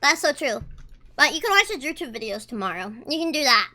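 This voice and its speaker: A woman's voice: sits high, big pitch swings, fairly quick, bright, forceful tone, slight background noise. A woman streamer chatting casually with her chat, reading messages aloud and talking while she eats. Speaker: livestreamer.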